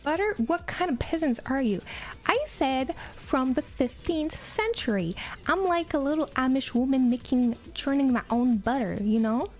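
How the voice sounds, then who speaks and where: A woman's voice: sits high, moderate pace, faint music behind. A woman with a Quebec French accent, a native French speaker, chatting casually on a livestream, greeting and thanking viewers between stories.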